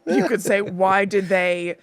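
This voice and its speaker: A woman co-hosting a podcast, talking in a casual, animated and incredulous way. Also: mid-range voice, unhurried, no echo. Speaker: podcast co-host. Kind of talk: casual chat.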